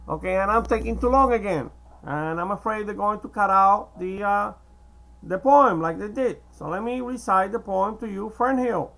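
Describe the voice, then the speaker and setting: A man whose first language is Spanish, talking in a hesitant, meandering monologue to camera with many filler pauses. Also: high-pitched, gravelly, a bit bright, poor audio. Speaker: video blogger. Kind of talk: casual rambling monologue to camera.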